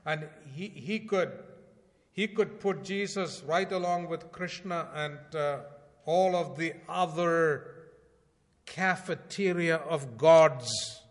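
A man preaching a sermon in a conversational way, asking rhetorical questions and swinging between loud emphasis and quiet asides. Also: on the high side, slow. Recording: long hall reverb.

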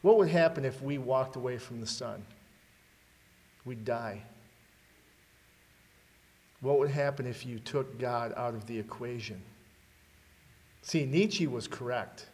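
Male preacher, mid pitch, sermon delivery with questions to the room, long hall reverb. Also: slow pace, long pauses, a little mellow. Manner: rhetorical questions to the congregation, dramatic readings.

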